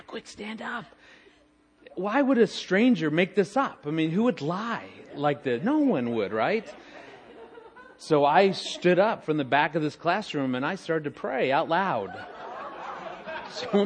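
A middle-aged man telling a humorous story to an audience in an animated, self-mocking way, acting out the dialogue. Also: a little high. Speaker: speaker telling a story with his wife.

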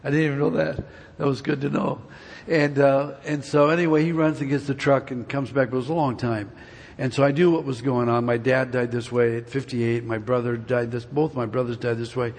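A husky-voiced man in his seventies speaks to a congregation in a church sanctuary. His story meanders in a folksy way. The voice hangs in the long reverb of a large hall. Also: mid-range voice, steady tone, a little fast, a little mellow. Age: 70s. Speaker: speaker giving a church testimony. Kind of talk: rambling personal story told to a congregation.

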